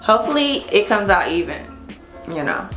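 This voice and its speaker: Woman, hair vlogger, casual animated storytelling, echoey room, faint background music. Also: mid-range voice, moderate pace. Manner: animated, chatty, swears casually. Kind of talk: casual storytelling while installing a wig.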